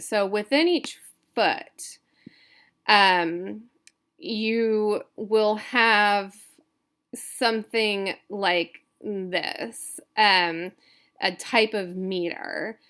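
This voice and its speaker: Slow, halting woman instructor. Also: medium pitch, a bit bright, clear, resonant tone. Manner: halting, many fillers and self-corrections. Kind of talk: recorded lecture.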